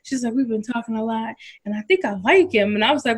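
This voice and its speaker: A young woman chatting casually on a podcast, with expressive retold quotes. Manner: quick, expressive, jumps high on quotes. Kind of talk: casual chat.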